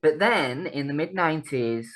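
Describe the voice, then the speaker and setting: A woman's voice: low voice, lively intonation, moderate pace. Woman in her 30s, loose podcast banter, lots of laughing and swearing. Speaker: podcast co-host. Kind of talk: casual chat.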